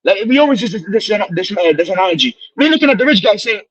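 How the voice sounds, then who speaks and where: A man with a high, husky voice rants with heated energy, circling back and repeating his points. The sound is dry and a little dull, as if he is coming through a lo-fi line. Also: lively intonation, quick pace, a bit bright, no room sound. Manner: heated, ranting, repetitive. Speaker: caller. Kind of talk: casual chat.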